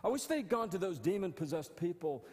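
A male pastor preaching an animated sermon, often restarting phrases. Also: sits high, fairly quick, long reverb tail. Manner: animated, stumbling restarts, acting out quotes. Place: church sanctuary.

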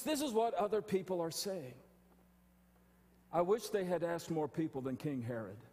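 A male pastor preaching an animated sermon, often restarting phrases. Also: fairly high pitch, big-room sound. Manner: animated, stumbling restarts, acting out quotes. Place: church sanctuary.

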